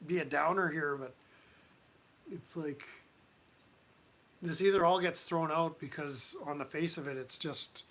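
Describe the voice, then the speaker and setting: A man hosting a casual commentary livestream, talking in a halting way with many restarts and fillers. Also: a little high, fairly bright tone. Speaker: livestream host.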